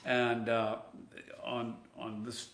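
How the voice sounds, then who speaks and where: A man's voice: mid-range voice, completely flat delivery, extremely slow, a bit bright, slight background noise. Chatty man telling stories, echoey room. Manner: chatty, sings phrases to demonstrate. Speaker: interview guest. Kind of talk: storytelling interview.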